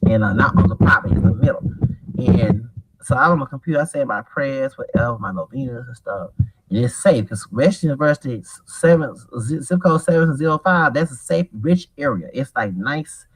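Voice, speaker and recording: A man in his forties telling a rambling, profane story in an animated vlog monologue. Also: medium pitch, a little fast, husky, dry recording. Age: 40s. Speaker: vlogger. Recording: distant mic with loud background noise.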